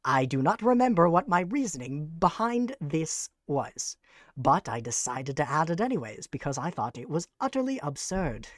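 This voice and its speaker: Theatrical streamer with a lively, swooping voice. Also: mid-range voice, moderate pace, dry recording, studio quality. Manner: grandly formal, mock-villainous phrasing; sarcastic deadpan jokes, frequent laughs. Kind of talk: casual live-stream chat.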